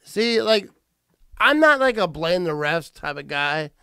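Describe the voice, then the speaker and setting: A man's voice: sits high, sing-song, measured pace, pushed and bright, clear, resonant tone, no echo. A man co-hosting a post-game show, furious and swearing, stumbling over his words. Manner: angry, swearing, stammering. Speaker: co-host. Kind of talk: angry post-game chat. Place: dark room, light off.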